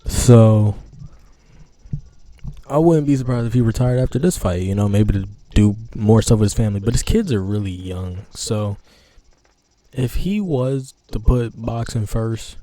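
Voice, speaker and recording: A man's voice: lowish voice, normal speed, mellow, dry recording. A young man in casual reaction commentary, talking loosely in slang and often trailing off and restarting his sentences. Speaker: reaction streamer.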